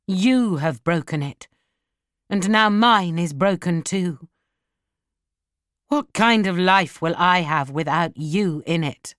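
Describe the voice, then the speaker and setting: A woman reading an audiobook and voicing a brooding, heartbroken young man, speaking low and reproachfully. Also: animated, slow pace, pauses often, a bit bright, no room sound, clean studio sound. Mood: anguished.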